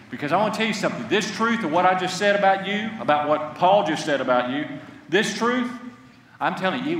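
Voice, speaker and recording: A man's voice: sits high, bright, forceful tone. A man preaching an impassioned sermon in a large church. He repeats lines and has the congregation say them back to him. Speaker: pastor. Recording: echoey hall, heard from far off.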